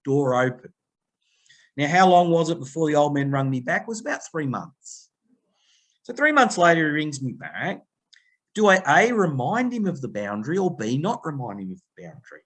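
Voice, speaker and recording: Animated Australian man, higher voice. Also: normal speed. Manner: animated storytelling, acting out phone quotes. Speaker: guest, people-pleasing coach. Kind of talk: conversational podcast interview.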